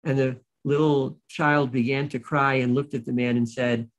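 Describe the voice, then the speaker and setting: A man's voice: mid-range voice, little pitch movement, normal speed, poor audio. Man teaching Torah verses. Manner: reads verses in Hebrew, then translates and explains them; tells a story to make a point. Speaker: rabbi teaching a weekly Torah class. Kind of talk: Torah lesson.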